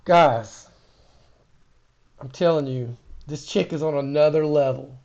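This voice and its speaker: A man's voice: fairly high pitch, measured pace, creaky, highs cut off. A man hosting a reaction video, talking casually and with disbelief. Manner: casual and incredulous, drifting quieter. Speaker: commentary host. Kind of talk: reaction commentary.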